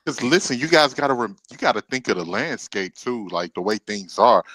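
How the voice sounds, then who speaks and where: A man on a casual chat, telling stories and mimicking other people in high voices. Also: animated, a little fast, fairly bright tone, no echo.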